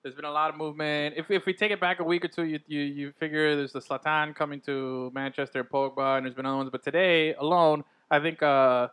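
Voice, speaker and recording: A man's voice: fairly high pitch, steady tone, a little fast, few pauses, fairly bright tone, clean tone. A man co-hosting a sports podcast in a loose, casual chat full of fillers and laughter. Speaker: podcast co-host.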